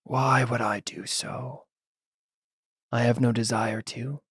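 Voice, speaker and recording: A man putting on a raspy, slow-spoken cloaked stranger. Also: mid-range voice, level tone, fairly bright tone, no room sound, studio quality. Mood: cold. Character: raspy-voiced cloaked male stranger, cold and aloof.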